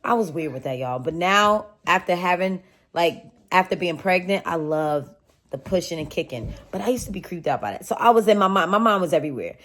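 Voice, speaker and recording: A young woman with a low, deep-set voice tells a personal story to her viewers in a relaxed, chatty way. She keeps calling them y'all. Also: a little fast. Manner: chatty, addresses viewers as y'all, animated retelling. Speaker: vlogger telling a story. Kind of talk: casual storytime.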